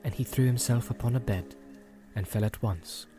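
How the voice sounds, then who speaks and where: A man narrating a fantasy story aloud in a steady, measured way. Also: medium pitch, over music. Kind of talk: audiobook reading.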